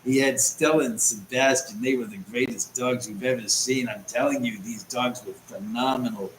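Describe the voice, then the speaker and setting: A chummy, laughing ghost of an older game-show host reminisces like an old friend, put on by a man. The voice sits at an ordinary middle pitch. It rings around an echoey room with a faint hiss behind it. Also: fairly even intonation, moderate pace, close to an everyday voice. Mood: jovial. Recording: roomy echo, faint background noise.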